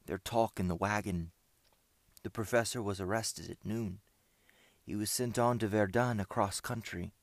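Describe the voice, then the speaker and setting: A man reading aloud, voicing an excited young boy scout who speaks in urgent, clipped bursts. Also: fairly low pitch, moderate pace, no room sound, natural voice. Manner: eager, urgent, clipped phrases.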